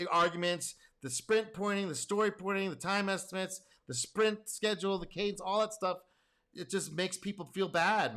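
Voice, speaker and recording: A man's voice: sits high, a bit bright. A man hosting a reaction commentary as a programming teacher, rambling and emphatic with casual swearing. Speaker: host and programming course teacher.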